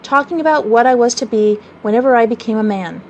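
Storybook boy who won't grow up: passionate, cocky, lightly high-pitched, read by a woman. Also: fast talker, a little mellow, lo-fi sound, a little hiss or hum, close to an everyday voice. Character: eager boastful boy who never grows up.

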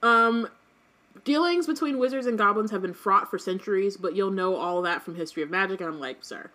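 Woman cohost on a book podcast, bright clear voice, reads bits out and laughs a lot. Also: medium pitch, a little fast. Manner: animated, laughs often, reads passages aloud. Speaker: podcast co-host. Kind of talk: casual book-discussion chat.

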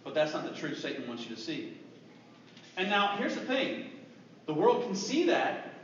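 A man preaching a sermon as a pastor, telling stories earnestly and dropping to a hush for grave moments. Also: a little high, sing-song, moderate pace, slight background noise. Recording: distant, echoey, dull church recording.

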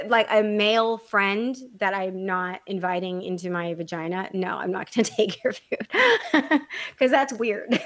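A woman with a mid-range voice co-hosts a laid-back conversation, telling stories with animated drama, blunt asides and swearing.

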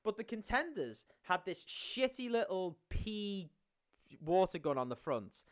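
A man telling stories in casual podcast chat, animated and swearing a lot, acting out scenes. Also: high voice, a little slow. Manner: animated storytelling, swears often, acts out scenes. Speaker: podcast co-host.

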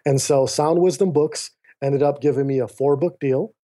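A man with a fairly high voice and a moderate pace tells a personal story as a podcast guest over a remote call. He's an animated storyteller who acts out other people's voices in quoted dialogue and often addresses the host by name mid-sentence.

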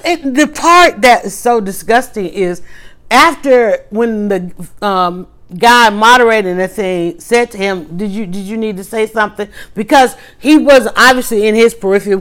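A woman hosting a livestream, telling a story in a casual, animated way with quick restarts and emphatic asides. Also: a little high. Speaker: livestream host.

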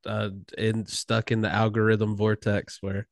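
A man co-hosts a comedy podcast in an easygoing, slightly halting way, poking fun at himself. His voice is low-pitched. The sound is dry and close. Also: monotone, no echo. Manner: easygoing, halting, self-deprecating. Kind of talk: casual podcast chat.

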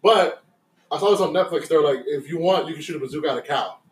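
A man's voice: on the high side, fast talker, heavy background noise. A man in his late twenties, chatting casually with friends and telling a rambling story, swearing freely and acting out other people's lines. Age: late 20s. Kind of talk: casual chat among friends. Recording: echoey room, mic set back.

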